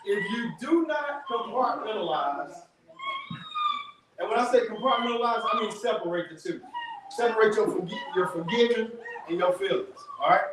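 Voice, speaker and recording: A man giving an animated testimony talk to a workshop audience, telling stories in casual vernacular. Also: high voice. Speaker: workshop speaker. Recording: echoey room, distant mic, background noise.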